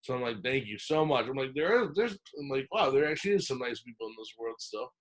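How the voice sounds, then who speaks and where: A fast-talking man with a mid-range voice rambles casually through a long story on a podcast. His retelling is animated, full of fillers and restarts, and he acts out the lines he quotes.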